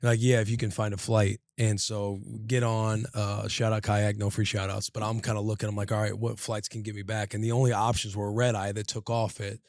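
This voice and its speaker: A man in his thirties, a podcast co-host, telling a long story in casual chat, animated and slangy. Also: fairly low pitch, a little fast, few pauses, no echo, clean studio sound.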